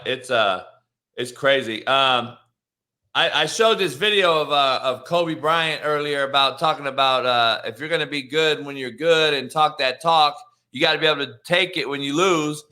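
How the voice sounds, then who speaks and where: A man's voice: fairly high pitch, moderate pace, pushed and bright. A man hosting a casual sports talk show, blunt and profane, firing off strong opinions.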